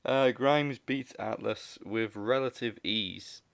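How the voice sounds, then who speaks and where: Brief: male podcast co-host, lower voice, relaxed, quick to laugh, dry mic. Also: vocal fry, no echo. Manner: laid-back, laughs often. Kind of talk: casual chat.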